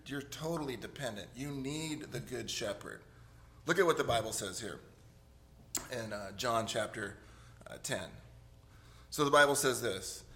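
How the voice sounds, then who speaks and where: A man's voice: mid-range voice, sharp tone. A middle-aged man, a pastor, preaching a casual sermon with jokes and frequent asides asking the congregation to agree. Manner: conversational, joking, asks "right?" often.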